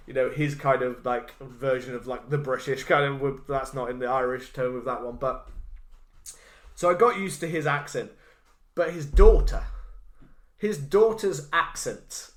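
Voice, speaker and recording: A man's voice: medium pitch, measured pace. A man co-hosting a podcast, chatting casually about a film, rambling with lots of fillers, restarts and swearing. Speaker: podcast co-host. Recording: roomy echo.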